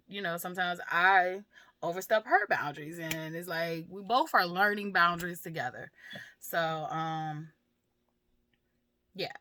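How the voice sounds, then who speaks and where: Candid low-voiced woman vlogger. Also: pushed and bright. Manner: frank and profane, laughs often, trails off with fillers. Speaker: mother. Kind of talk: candid personal talk to camera.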